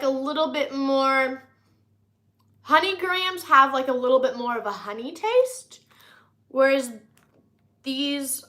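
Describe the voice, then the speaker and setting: A woman's voice: high voice, sharp tone. A young American woman rambling through a casual snack-tasting vlog, with many likes and ums, a little nasal from being sick. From United States. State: slightly nasal from recent illness. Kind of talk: casual chat to camera.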